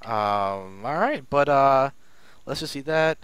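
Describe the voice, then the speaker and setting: Excitable young male game caster. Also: mid-range voice, takes it slowly, smooth, no room sound. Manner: excitable, bursts louder at big moments. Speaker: esports caster and stream host. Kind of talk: live game commentary. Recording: faint background noise.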